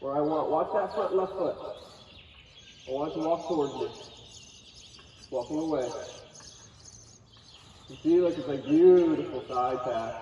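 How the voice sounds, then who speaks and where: Calm man coaching from far off. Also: on the high side, measured pace, long pauses, a little hiss or hum. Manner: calm, coaxing, talks to horse and audience in turns. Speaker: horse trainer leading a clinic. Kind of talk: live teaching demonstration. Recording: distant, echoey, dull outdoor recording.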